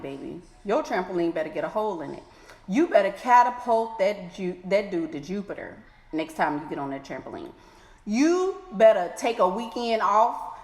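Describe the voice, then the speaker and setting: A playful, sassy woman with a slightly high voice reads letters as an advice vlogger, exclaiming and tossing in drawn-out asides. Her animated commentary is recorded in an echoey room with long reverb.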